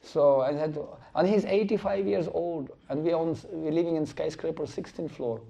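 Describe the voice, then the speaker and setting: A middle-aged man giving a spiritual lecture, telling stories in an animated way and acting out the quotes, on a dull lo-fi recording. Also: fairly high pitch, moderate pace, gravelly. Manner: animated storytelling with acted-out quotes. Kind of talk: sermon storytelling.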